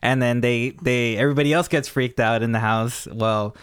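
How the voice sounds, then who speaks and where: Smooth-voiced man, dry close sound. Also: mid-range voice, fairly even intonation, moderate pace, no echo. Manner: laid-back, interjecting with reactions. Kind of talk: casual chat.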